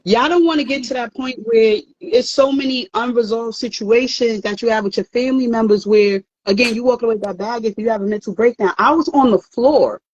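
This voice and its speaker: A woman's voice: fairly high pitch, a little fast, hardly any pauses, a little mellow, no echo, lo-fi sound. Earnest woman giving life advice. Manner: earnest, emphatic, repeats words and restarts. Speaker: therapist host. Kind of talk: casual advice talk.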